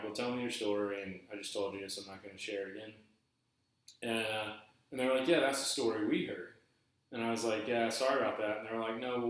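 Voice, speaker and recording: Rambling man in an echoey room. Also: lowish voice. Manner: rambling, animated, lots of fillers. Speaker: podcast host. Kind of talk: casual storytelling monologue.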